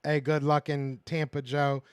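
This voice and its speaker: Frustrated high-voiced man ranting. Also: flat delivery, a little slow, clean tone, dry recording, clean studio sound. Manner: frustrated, repeats himself, talks back to chat. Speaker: podcast host reading live chat. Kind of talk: casual fan podcast rant.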